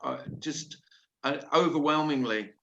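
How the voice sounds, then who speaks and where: A man's voice: fairly high pitch, moderate pace, creaky, pushed and bright, muffled recording, a little hiss or hum. A man from England hosting a casual nonduality video call, candid, playful and laughing often. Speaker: host of a nonduality meeting.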